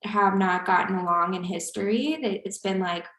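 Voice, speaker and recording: A woman's voice: mid-range voice, moderate pace, fairly bright tone. A young woman co-hosting a podcast, telling a story in casual chat with lots of fillers along the way. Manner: rambling, filler-heavy storytelling. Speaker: podcast co-host. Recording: roomy echo.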